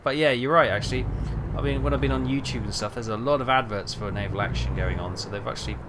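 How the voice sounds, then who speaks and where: A man's voice: mid-range voice, fast, noisy background. A man streaming a trucking game, rambling and thinking aloud with lots of fillers. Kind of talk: casual gameplay chat.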